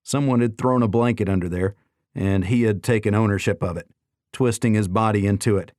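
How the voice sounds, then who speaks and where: Low-voiced male audiobook narrator. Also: fairly quick, darkish tone, no room sound, studio quality.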